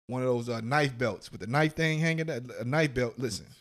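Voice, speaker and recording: Guy on a podcast telling a wild story, cussing a lot, doing everybody's lines in his own voice, regular pitch. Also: fairly quick. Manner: animated, profane, voices other people in quotes. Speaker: podcast co-host. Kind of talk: casual storytelling chat.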